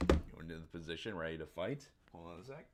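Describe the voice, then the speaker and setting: A man's voice: deep voice, expressive, fast talker, very noisy. A man hosting a casual live reaction to a comic chapter, reading it aloud, laughing often and talking with many fillers and restarts. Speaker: manga reaction host.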